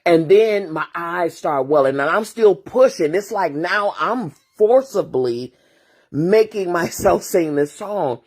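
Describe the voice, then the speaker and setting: Female host, low husky voice, unhurried earnest storytelling with casual slang and repetition. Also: animated, a little mellow. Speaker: host and therapist. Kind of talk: emotional storytelling monologue.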